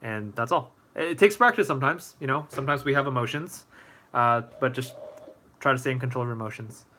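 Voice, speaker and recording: Man, live-stream Q&A host, bright tone, relaxed and chatty, reads out viewer questions. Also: mid-range voice, fast, slight background noise. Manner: chatty and easygoing, heavy use of fillers, reads viewer comments aloud.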